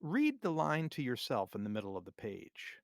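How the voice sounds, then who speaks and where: A man teaching music theory for drummers in a scripted, measured, clearly explained lesson narration. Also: medium pitch, wildly swooping pitch, dry recording, studio quality. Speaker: drum teacher.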